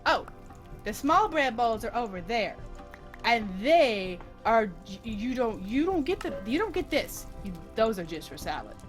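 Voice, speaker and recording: This is a short, skinny old lady serving food behind a counter, as a woman puts her on in a story. She has a heavy accent and a low, clipped, theatrical delivery, dropping well below the storyteller's usual voice. Her manner mixes disdain with showmanship. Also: sing-song, measured pace, soft background music. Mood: matter-of-fact.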